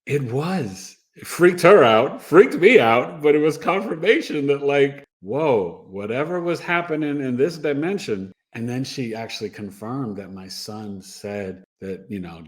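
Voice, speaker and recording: A man's voice: medium pitch, animated, a little slow, hardly any pauses. A man from New York, a guest recounting his own experience in an earnest, emotional way with frequent restarts. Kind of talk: personal storytelling.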